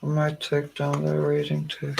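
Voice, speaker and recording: A man giving an emotional tarot reading, talking earnestly with long pauses. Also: a little high, completely flat delivery, vocal fry, noisy background. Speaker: tarot reader.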